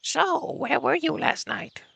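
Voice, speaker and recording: A stern, cold older woman who runs the camp, in a high, reedy falsetto that rasps and wobbles up and down, as a man puts her on. she sounds accusing and icy, a bit off the mic. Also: animated, takes it slowly, bright, forceful tone, heavily acted. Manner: high strained falsetto old-lady voice.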